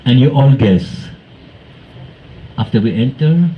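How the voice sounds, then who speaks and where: A man speaking to a devotional gathering, telling anecdotes in an animated way, acting out quoted voices and laughing often. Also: fairly high pitch, normal speed, highs cut off, a little hiss or hum. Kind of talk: storytelling talk to a congregation.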